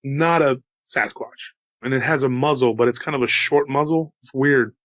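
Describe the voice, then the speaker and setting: A man's voice: medium pitch, normal speed, a bit bright, dry recording, dull audio. A man with a slight Texas drawl telling a story in a casual, chatty way, with folksy asides to his listeners. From Texas, USA. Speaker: host telling encounter stories.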